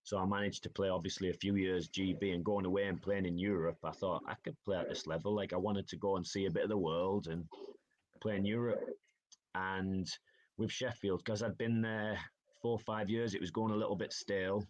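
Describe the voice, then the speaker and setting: Saying "aye" and "like" as he goes, this Northeast England hockey player chats through stories as a podcast guest in a casual interview. The voice is low-pitched, steady, a little mellow, at a fairly quick pace.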